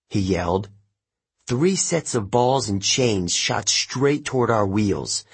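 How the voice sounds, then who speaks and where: A man reading a first-person adventure novel aloud, lively storytelling that jumps up for shouted lines. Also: medium pitch, breathy edge. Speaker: audiobook narrator. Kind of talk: scripted narration of a novel.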